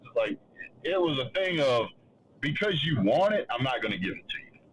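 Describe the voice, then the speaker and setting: Halting man telling a story. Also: fairly high pitch, very animated, breathy edge, lo-fi sound. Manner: halting, restarts often, acts out others' lines. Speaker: show host. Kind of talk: casual chat, telling a story.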